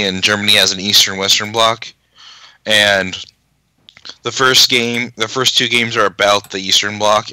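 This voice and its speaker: Man, podcast co-host, casual chat, very bright tone, dry close sound. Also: fairly low pitch, no echo, low-quality recording.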